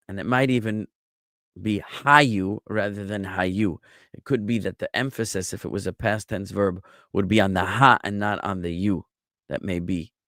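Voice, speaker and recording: Male rabbi for a classroom grammar lesson: unhurried, patient, drills forms and quizzes the room. Dry, close sound. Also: lowish voice, a bit bright, dry recording. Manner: patient, quizzes students with questions; drills word forms by repetition. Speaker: rabbi teaching Biblical Hebrew.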